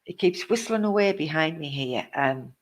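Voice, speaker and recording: A man's voice: on the high side, animated, moderate pace. A man giving a live-streamed psychic reading, reassuring the viewer with endearments and greeting others as they join. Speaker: psychic medium.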